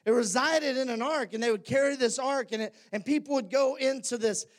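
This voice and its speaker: Pastor guy with a really high voice, preaching to the church, jokey then shouting scripture. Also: a little fast. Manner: energetic, jokes with the congregation, rises to shouts on scripture. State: out of breath. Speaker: lead pastor. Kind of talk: sermon. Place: church hall before a congregation.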